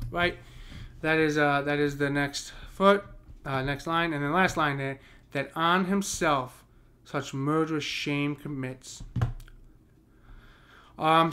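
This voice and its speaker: A man's voice: fairly high pitch, fairly bright tone. A man with an American accent explaining poetic meter in a casual lesson, thinking aloud with many fillers and restarts. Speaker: poetry teacher. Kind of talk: casual screen-share lesson.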